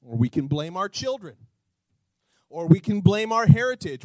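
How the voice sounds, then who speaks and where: A man pastor preaching a sermon, animated, asking the congregation rhetorical questions and acting out little scenes. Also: extremely high pitch, normal speed, vocal fry, no room sound, rough recording.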